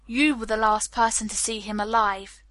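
A woman's voice: fairly high pitch, steady tone, moderate pace, a bit bright, dry recording, close to an everyday voice. A woman voicing a curt, bullying police captain who barks orders in a storybook reading. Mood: brusque.

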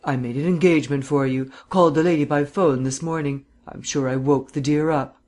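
A man voicing a suave, bantering gentleman sleuth with bland, mannered phrasing in an audiobook reading. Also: on the high side, steady tone, brisk, lightly acted.

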